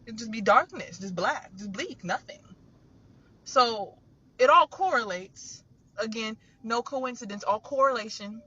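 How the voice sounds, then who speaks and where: A woman's voice: a little high, lively intonation, unhurried, sharp tone, husky, dull audio. A young woman, delivering an emotional, profane, preachy rant straight to camera. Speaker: content creator.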